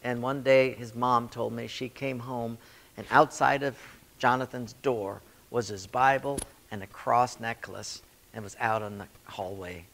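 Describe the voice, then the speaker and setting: A male pastor teaching a church leadership class, telling stories and acting out quoted voices with sudden rises in pitch and loudness. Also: steady tone, a little slow, creaky. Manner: storytelling, acts out quotes with big swings in pitch and volume. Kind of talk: sermon-style Q&A teaching.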